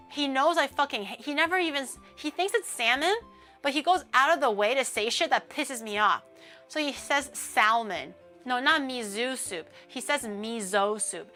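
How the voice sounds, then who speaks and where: A woman's voice: on the high side, pushed and bright. A woman streamer chatting casually on a livestream, ranting and swearing freely with a laugh.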